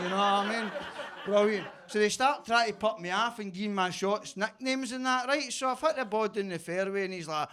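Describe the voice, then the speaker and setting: A Scottish man doing a stand-up routine in a basement comedy club, telling stories loudly and swearing freely. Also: sits high. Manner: loud, sweary, quick storytelling.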